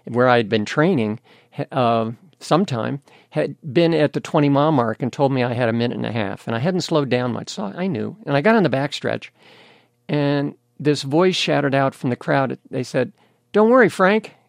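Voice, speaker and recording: An older American man, a guest in an interview, telling his story candidly and in a measured way. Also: medium pitch, creaky, no room sound, studio quality. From United States. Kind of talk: interview conversation.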